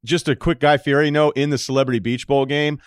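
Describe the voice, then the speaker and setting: A man's voice: medium pitch, steady tone, brisk, clear, resonant tone, no room sound. Dry-voiced man hosting a casual chat. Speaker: podcast host.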